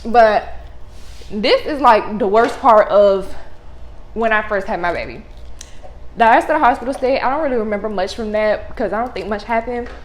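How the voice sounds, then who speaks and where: A young adult woman telling a story to her vlog audience in a casual, animated, blunt way, full of slang and swearing. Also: a little high, normal speed, slight background noise, rough recording. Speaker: vlogger.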